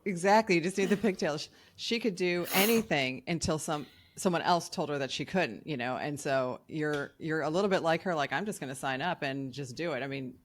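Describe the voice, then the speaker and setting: Low-voiced woman hosting a podcast. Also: a little fast, few pauses. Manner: encouraging, hedging with fillers. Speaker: podcast host. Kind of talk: casual interview chat.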